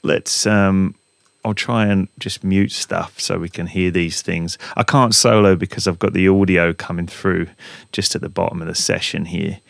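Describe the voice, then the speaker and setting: A man hosting a casual walkthrough in his home music studio, talking in a relaxed, rambling way with plenty of ums. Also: sits low, moderate pace, creaky, no echo. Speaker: music producer and channel host. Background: music samples playing.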